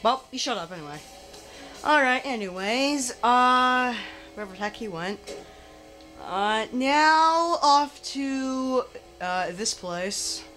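A young adult playing a racing game and commenting in an excitable, exclaiming way. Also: mid-range voice, takes it slowly, soft background music. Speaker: game player. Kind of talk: let's play commentary.

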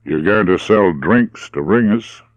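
A man's voice: low voice, lively intonation, unhurried, dry recording, muffled recording, pitched above the performer's own voice. A man reading the lines of a friendly, teasing outback man.

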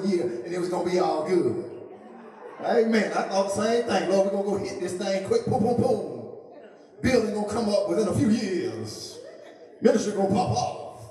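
Playful pastor preaching in a church. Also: male voice, high-pitched. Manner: playful, joking with the congregation, rising to a shout. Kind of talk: sermon. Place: church sanctuary. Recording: echoey church from a distant mic.

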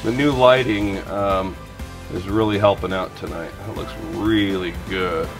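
A middle-aged man with a low-pitched voice runs a laid-back griddle cooking video in his home garage, music playing underneath. He speaks a little slowly with fairly even intonation, chatting and laughing often.

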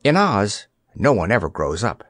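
A man narrating a storybook in an expressive reading. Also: on the low side, normal speed, slightly rough, no echo, studio quality. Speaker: audiobook narrator. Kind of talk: scripted narration.

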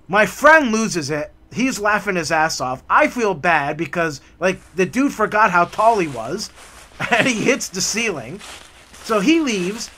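A man in casual, animated storytelling on a hike along a forest trail. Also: high-pitched, unhurried. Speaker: hiking vlogger.

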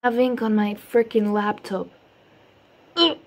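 A woman's voice: fairly high pitch, steady tone, measured pace, a little hiss or hum. A woman chatting casually to her viewers before singing a cover, rambling, giggly and self-deprecating, stumbling over her words. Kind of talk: casual chat.

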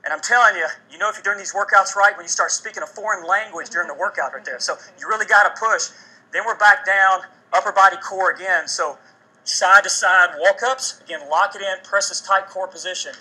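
A man's voice: sits high, brisk, pushed and bright, husky, rough recording. A man working as a fitness trainer, demonstrating a workout and coaching energetically as he exercises during a TV segment, getting out of breath. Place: TV studio.

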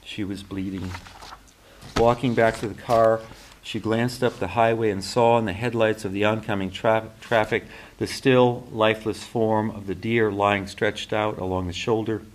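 A man, an author, reading his novel aloud in a measured, deliberate way at a university reading. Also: on the low side, fairly even intonation, low-quality recording.

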